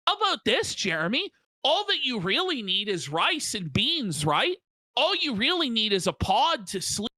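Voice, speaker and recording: Guy in a debate clip, argues and lectures, sharp bright tone, dry sound. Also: extremely high pitch, very animated, moderate pace, no room sound, poor audio. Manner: argumentative, lecturing. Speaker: debate guest. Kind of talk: heated debate.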